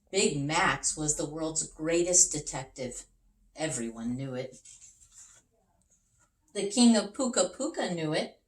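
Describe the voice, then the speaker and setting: A woman, a middle school teacher, reading a picture book aloud to children with an animated voice. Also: lowish voice, roomy sound, low-quality recording.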